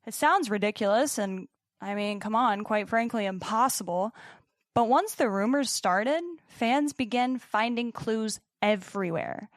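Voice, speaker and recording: A young woman with a fairly high voice narrates a podcast story in a partly scripted way, building drama with pauses and the odd casual swear. The sound is close and dry, with no room around it. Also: dry recording. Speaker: podcast co-host.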